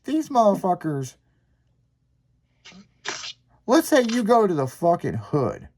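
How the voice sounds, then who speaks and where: A man hosting a podcast, telling a long story in casual, profanity-laced chat with lively, rambling delivery. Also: high voice, moderate pace, a little hiss or hum. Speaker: podcast host.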